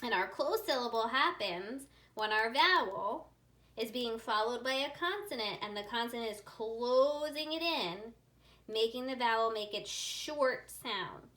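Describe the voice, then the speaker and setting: A woman teaching a phonics lesson to young readers, slowly sounding out letters and syllables in an upbeat way. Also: on the high side, pushed and bright, distant mic. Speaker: reading teacher.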